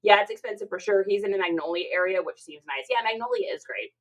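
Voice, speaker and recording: A woman's voice: medium pitch, quick pace, low-quality recording. Chatty middle-aged woman live-streaming. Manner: chatty and expressive, with frequent fillers and repeated words. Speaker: reseller hosting a live stream. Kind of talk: casual live-stream chat, reading out viewer comments.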